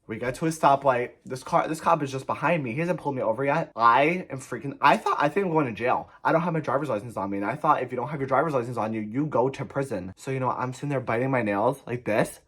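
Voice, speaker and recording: A man's voice: mid-range voice, quick pace, few pauses, breathy edge. Young man telling a profane storytime. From New Jersey. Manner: animated, profane, rambling. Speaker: vlogger. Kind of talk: storytime vlog.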